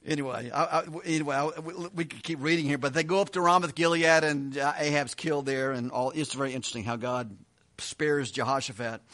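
Man, pastor, Bible study teaching, acts out the characters, chuckles, bright tone. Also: mid-range voice, steady tone. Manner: retells scripture with quick voiced asides and chuckles.

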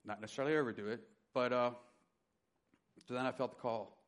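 A middle-aged man preaching a sermon, telling his personal testimony with dynamic swings from loud emphasis to quiet. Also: mid-range voice, fairly even intonation, fast, smooth. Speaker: pastor.

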